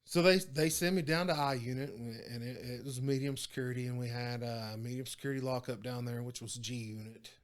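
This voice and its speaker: A man with a drawl spins stories as a podcast guest, salty and loose with his swearing. He talks in a relaxed, conversational way and acts out the people he quotes, his voice rising when things get heated. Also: medium pitch, brisk, few pauses. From Oklahoma. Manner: profane, animated storytelling with quoted dialogue. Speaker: guest, former prison guard. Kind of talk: casual storytelling interview.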